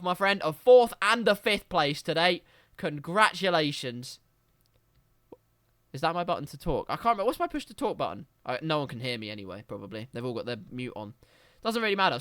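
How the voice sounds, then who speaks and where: A man commentating live on a sim racing league race, hoarse from shouting, excitable and yelling at the big moments. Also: high-pitched, no echo.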